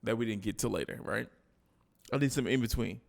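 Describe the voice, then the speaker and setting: A man co-hosting a casual podcast chat, telling a story with animated delivery and acting out the quotes. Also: lowish voice, brisk, gravelly. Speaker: podcast co-host.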